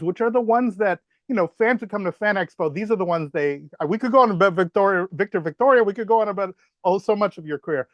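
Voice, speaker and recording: A man's voice: sits high, no echo. A male interviewer asking long, rambling questions with several parts.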